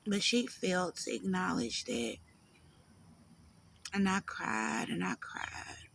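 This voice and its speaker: A woman telling her life story to camera, in a halting, emotional way with pauses. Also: on the low side, very animated, gravelly, fairly bright tone, a little hiss or hum.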